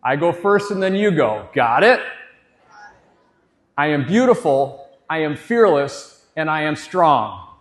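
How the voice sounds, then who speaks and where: A man in his forties giving a live motivational talk on stage, hyped, swearing and leading the crowd in shouted chants. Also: fairly high pitch, sing-song, takes it slowly. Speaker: motivational speaker. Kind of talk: live motivational talk with audience call-and-response. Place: stage in a large hall with a crowd. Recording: echoey hall with faint crowd.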